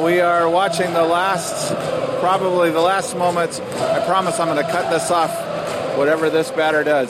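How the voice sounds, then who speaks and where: A man hosts a podcast in a casual, easy way, calling a ballgame as he talks. His voice is fairly high. Loud game and street noise sits under his voice. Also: moderate pace, over a noisy crowd. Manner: relaxed, calls a ballgame as he talks. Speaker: podcast host. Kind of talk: casual host talk mixed with play-by-play.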